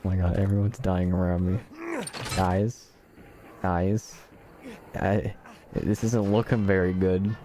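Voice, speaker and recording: A slightly hoarse man streaming a game, chatting casually and joking at his own expense to viewers. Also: sits low, fairly even intonation, moderate pace, noisy background. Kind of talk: casual gameplay commentary.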